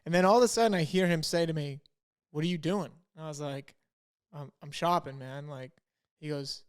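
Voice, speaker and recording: A man's voice: on the high side, a little fast, clean tone. A young man, a podcast co-host, telling a story in casual chat and acting out the dialogue. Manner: animated, quotes himself and others in dialogue.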